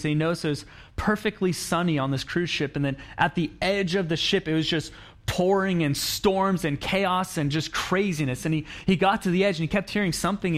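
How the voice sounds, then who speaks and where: Preaching conversationally, this man acts out the quoted lines of his story and frequently restarts his sentences. His pastor's voice is a little high and a bit bright.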